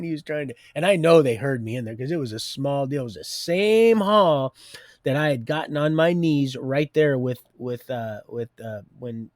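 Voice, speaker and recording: A middle-aged man telling his life story live from home, wandering off into folksy asides and circling back again. His voice sits at an ordinary middle pitch. The sound is dry and close, with no room echo. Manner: digressive, folksy, many restarts and asides. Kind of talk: rambling personal storytelling. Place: home, with a door and heater nearby.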